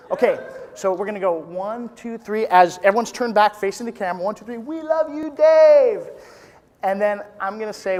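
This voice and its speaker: A man with a high voice fires up a room at a business seminar, joking and leading call-and-response chants. His voice rings out with a long hall reverb, and an audience answers him from the seats. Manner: hyped, joking, rallying the crowd into chants. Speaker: motivational speaker at a business event. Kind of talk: energetic live seminar talk. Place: large conference room with live audience. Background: audience responses and applause.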